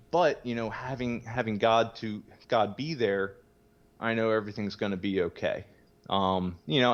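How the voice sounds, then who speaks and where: A man's voice: on the low side, lo-fi sound. A man guest talking candidly in casual conversation, rambling with many fillers, swearing casually and laughing easily. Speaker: podcast guest sharing his recovery story.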